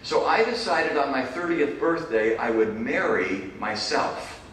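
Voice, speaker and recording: A man's voice: mid-range voice, lively intonation, a little slow, fairly bright tone. Middle-aged male keynote speaker, punchy phrasing and dry wit, distant mic in a big reverberant hall. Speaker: keynote speaker, business professor. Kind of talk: conference keynote talk. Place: large conference hall. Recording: echoey hall, distant mic, faint noise.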